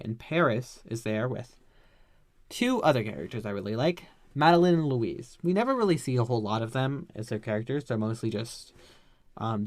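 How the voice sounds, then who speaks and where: A man's voice: mid-range voice, no room sound. A man hosting a podcast, recapping an episode in a chatty, slangy, ranting way. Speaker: podcast host.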